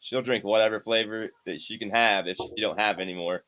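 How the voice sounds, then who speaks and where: A man's voice: on the low side, steady tone, a little fast, fairly bright tone, dry recording. A man co-hosting a podcast, telling stories in an easygoing way and swearing casually. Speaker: podcast co-host. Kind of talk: casual chat.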